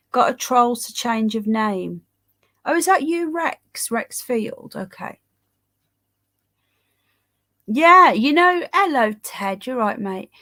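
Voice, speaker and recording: A woman on a relaxed home livestream, tired and yawning as she chats. Her voice sits a little high, loose and rambling, with a casual swear here and there. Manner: chatty, rambling, swears casually, greets viewers by name. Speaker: livestream host reading live chat.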